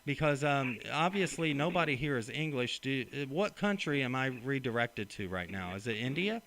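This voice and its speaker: A man's voice: mid-range voice, lively intonation, moderate pace, fairly bright tone, slight background noise. A man angrily demanding help on a customer service phone call, sarcastic and confrontational. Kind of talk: heated phone complaint.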